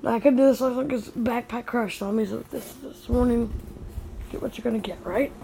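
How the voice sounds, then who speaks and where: An older woman, a grandmother vlogger, angrily scolds online trolls while speaking straight to the camera, her rant emotional. Her voice is a little high, fairly quick and creaky, with slight background noise over a quiet house at night.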